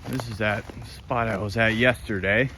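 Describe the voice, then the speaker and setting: A man's voice: on the low side, steady tone, normal speed, pushed and bright, slight background noise. A young man rambling casually into his phone while camping alone on a lake island, loose and laid-back, with some swearing. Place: outdoors on a lake island, in a tent and by a campfire. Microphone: handheld phone camera.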